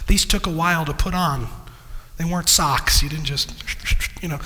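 Guy preaching a sermon, high bright voice, swells up to shouting, long echo like a church hall. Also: moderate pace. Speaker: pastor.

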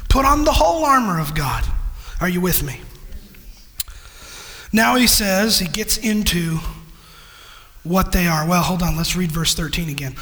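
A man with a strikingly high, bright voice preaches a sermon. He is animated, breaking into loud bursts and quick asides. His voice rings with the long echo of a church hall. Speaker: pastor.

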